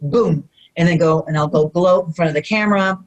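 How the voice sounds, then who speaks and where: A woman guest in an interview, telling stories in a casual, animated way, often acting out quotes and saying "you know what I mean". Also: on the low side, a little fast, rough recording. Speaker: retired pro wrestler guest.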